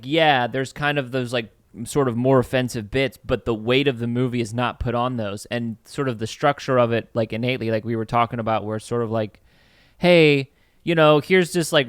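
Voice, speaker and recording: A man's voice: medium pitch, no room sound, studio quality. A young man chatting casually as a podcast co-host, rambling with many fillers. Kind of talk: casual chat.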